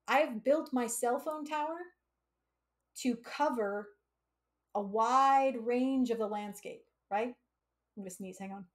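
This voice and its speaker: A woman's voice: a little high, darkish tone. A woman hosting a live coding stream, thinking aloud as she works and explaining with everyday analogies. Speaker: coding livestream host.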